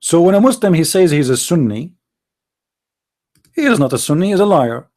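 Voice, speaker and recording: A man's voice: on the high side, big pitch swings, a little fast, a little mellow. A man hosting a live online call-in debate. He speaks heated, non-native English and keeps pressing with rhetorical questions. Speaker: host of a call-in debate show.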